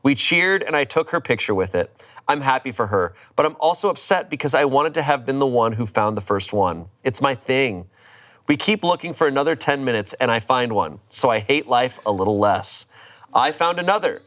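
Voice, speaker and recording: The story-reading host sounds animated here, his medium-pitched voice a bit bright and his pace moderate. He performs the tale dramatically, swears freely, and breaks into laughter and mock outrage.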